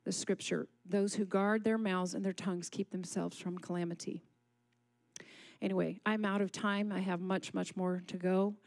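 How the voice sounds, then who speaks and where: A woman's voice: mid-range voice, flat delivery, moderate pace, vocal fry, a little mellow, no room sound. A woman preaching a sermon at a church service, asking the congregation questions and calling for responses.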